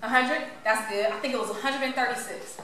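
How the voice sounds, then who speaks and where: A woman tells her story to a live audience. She is animated and playful, and she keeps asking the crowd questions. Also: fairly high pitch, fairly quick, slight background noise. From Cleveland, Ohio. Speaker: motivational speaker. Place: room with an audience. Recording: echoey room from far off.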